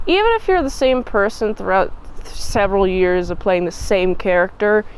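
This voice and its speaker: A woman chats through a movie review outdoors, shivering in the cold wind. She gushes and adds playful asides. Her voice stays smooth and clear at a middle pitch. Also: darkish tone, rough recording. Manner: chatty, gushing, playful asides.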